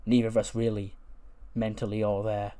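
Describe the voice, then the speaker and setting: A man's voice: on the low side, completely flat delivery, normal speed, dark tone, close to an everyday voice. A man voicing a vain, unhinged male wrestler with a smug, menacing way of talking.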